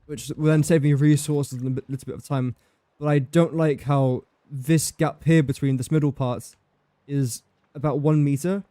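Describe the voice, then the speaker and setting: A man's voice: on the high side, fairly even intonation, normal speed, mellow, no room sound. Self-mocking man streaming a game. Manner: chatty, self-mocking, talks to objects while building. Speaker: livestreaming gamer. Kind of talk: casual game commentary.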